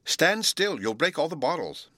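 A man's voice: fairly high pitch, very animated, moderate pace, sharp tone, dry recording, clean studio sound, pitched above the performer's own voice, heavily acted. A man doing a prim young storybook girl. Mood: scolding. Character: sensible, scolding young girl. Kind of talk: storybook reading.

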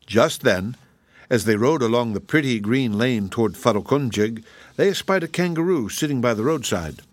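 Speaking at an ordinary speed with a medium-pitched voice, a man reads an audiobook in a vivid, storytelling style. The recording is dry.

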